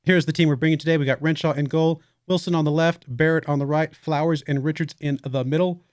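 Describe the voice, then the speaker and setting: A man's voice: a little high, fast, no echo, clean studio sound. A young man hosting a let's play, casually talking through his game with rambling asides, fillers and the odd yawn. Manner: relaxed, rambling, yawning, thinking aloud with fillers. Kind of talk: casual gameplay commentary.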